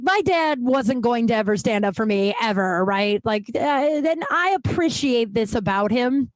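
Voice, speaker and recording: A woman's voice: a little high, no echo. A woman in her thirties hosting a podcast, telling childhood stories in a chatty, rambling way full of "like" fillers. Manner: chatty, lots of "like" fillers, animated retelling. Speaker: podcast host. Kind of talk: casual storytelling monologue.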